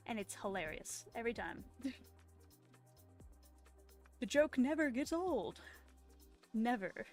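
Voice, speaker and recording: Woman artist, unhurried, higher voice, rambly chat over faint music. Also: lively intonation, darkish tone. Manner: rambling, tangent-prone, chatty. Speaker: artist streamer. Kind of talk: casual chat while drawing. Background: faint background music.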